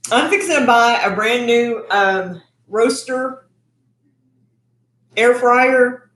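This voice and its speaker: Hosting her cooking channel livestream, a middle-aged Texan woman rambles and chats casually, sometimes talking while she eats. She speaks slowly in a fairly high, fairly bright voice, and the room sounds echoey.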